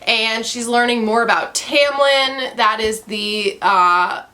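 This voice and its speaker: Rambling, sarcastic young woman, slightly high voice; book-vlog rant at home. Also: takes it slowly, sharp tone. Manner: rambling, sarcastic, heavy use of filler "like". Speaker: book vlogger. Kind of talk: casual book review rant. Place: at home with her dog.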